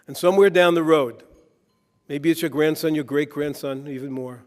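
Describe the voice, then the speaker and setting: A man's voice: fairly high pitch, moderate pace, a little mellow. A man delivering a conference keynote speech, weaving jokes and anecdotes into a preacher-like cadence. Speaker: keynote speaker. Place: conference hall. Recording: long reverb in a conference hall.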